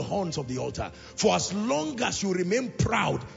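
Man preaching a sermon, raspy gravelly tone, lively swooping pitch, echoing hall, dull lo-fi sound with music behind. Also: moderate pace, hardly any pauses. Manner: impassioned preaching, repeating lines, swelling to shouts and sung phrases.

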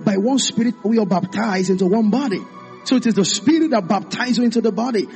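A man preaching a sermon, calling out to the congregation and rising into impassioned shouts. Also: sits high, quick pace, vocal fry, faint music behind.

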